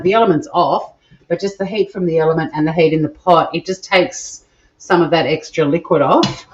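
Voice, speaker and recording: An Australian woman hosts a live cooking stream from her home kitchen, chatting bubbly with viewers while she cooks. Her voice is lowish, and the recording sounds muffled.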